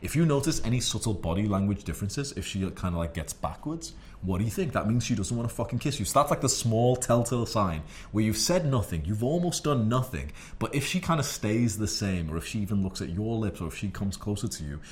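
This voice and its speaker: A man's voice: lowish voice, lively intonation, brisk, hardly any pauses. A man talking as a dating coach in a casual monologue, brash and profane and full of fillers.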